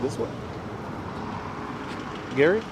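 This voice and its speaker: Chatty man live-streaming on a city walk. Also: slow pace. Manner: relaxed, chatty, thinks aloud with fillers. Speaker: live-stream travel vlogger. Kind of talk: casual walking live stream, reading viewer comments. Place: city streets outdoors. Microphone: phone held while walking. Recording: outdoor street noise. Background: street noise and traffic.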